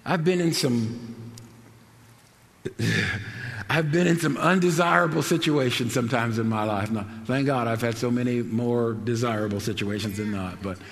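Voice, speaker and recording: A man preaching a sermon with passion, swinging between soaring, shouted lines and hushed, quiet ones. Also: medium pitch, steady tone, normal speed. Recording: long hall reverb, faint background noise.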